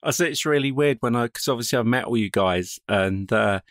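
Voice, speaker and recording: A man's voice: medium pitch, a little fast, no room sound, clean studio sound. A man with an English accent, a podcast guest telling friendly anecdotes in a chatty way. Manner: friendly, anecdotal, self-deprecating. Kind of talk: chatty interview answers.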